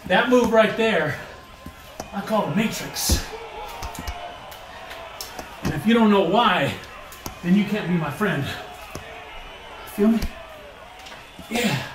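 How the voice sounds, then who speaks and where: A breathless man teasing his opponent mid-game, his voice high and bouncing all over the place. He sounds set back from the mic in a roomy space, with noise in the background. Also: animated, takes it slowly, long pauses, far from the mic, a faint crowd. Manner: teasing, chatty, exclaims a lot. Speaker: gaming video creator. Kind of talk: playful trash talk while playing a VR boxing game.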